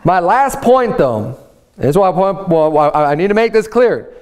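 A man's voice: high-pitched, very animated, normal speed. A man preaching a sermon as pastor, impassioned and stumbling into restarts and repeated words as he presses his point. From United States.

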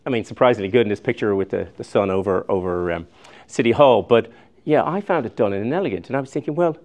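Older guy giving a lecture, low gravelly voice, rambly and chatty, lots of restarts. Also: quick pace, a little mellow. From Ireland. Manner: chatty, digressive, with frequent restarts. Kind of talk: recorded public lecture with slides.

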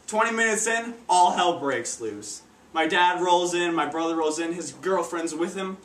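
Teen guy doing clumsy stand-up, high-ish voice, echoey room, mic far away. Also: lively intonation, moderate pace, fairly bright tone, a little hiss or hum. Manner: awkward, stumbling, many "uh"s. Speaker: stand-up comedian. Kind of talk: amateur stand-up routine.

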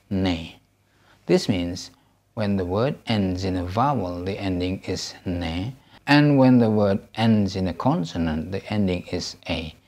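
A man with an Indonesian accent, Javanese by birth, hosting his own channel and teaching pronunciation in a measured, explanatory way, walking through lists of example words. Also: on the low side, warm tone. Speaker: language teacher, channel host. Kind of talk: scripted lesson narration.

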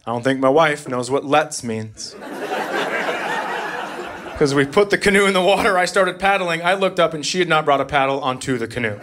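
A man in his thirties doing a stand-up comedy set on a club stage, deadpan and exasperated, jumping into shrill voices for his family. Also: fairly quick. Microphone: handheld stage mic. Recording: live club recording with loud audience. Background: crowd laughter and room noise.

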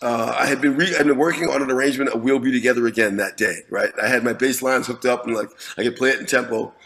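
Gravelly-voiced man telling a story. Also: medium pitch, quick pace, poor audio. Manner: animated, swears freely, repeats words when restarting. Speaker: guest musician. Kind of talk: casual storytelling in an interview.

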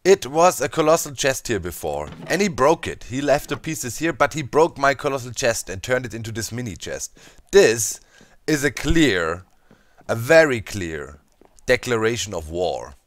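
A man with a German accent hosting a gaming video, talking to viewers in an animated, playfully scheming way. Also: medium pitch, normal speed, dry recording. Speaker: Minecraft let's play host. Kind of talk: gaming commentary.

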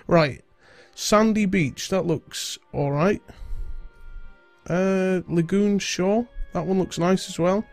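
A man's voice: sits high, takes it slowly, no room sound, soft background music. Stuffy-nosed man doing game commentary. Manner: chatty, rambling, British-sounding slang. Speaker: gaming video host. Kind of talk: casual let's-play commentary.

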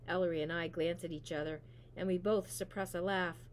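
A woman reading a novel aloud in a steady, even narration. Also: lowish voice, normal speed, slight background noise. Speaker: reader. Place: school library.

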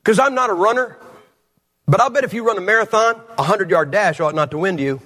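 A husky, fairly high-voiced man preaching to a congregation. He tells stories bluntly and jokes his way through the sermon. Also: fast talker, pushed and bright. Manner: blunt, joking storyteller. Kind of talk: humorous sermon. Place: church service.

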